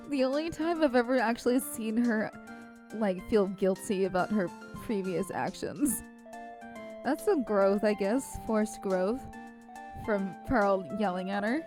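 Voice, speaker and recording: A woman's voice: mid-range voice, unhurried. A woman streamer chatting casually and laughing as she plays through a game. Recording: game music behind.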